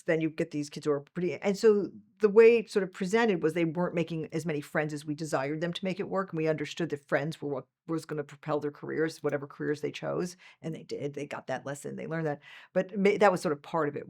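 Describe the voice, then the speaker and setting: A woman in her sixties, a management professor, telling stories in an interview and acting out quotes with big jumps in pitch. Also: fast, darkish tone. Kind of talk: conversational interview.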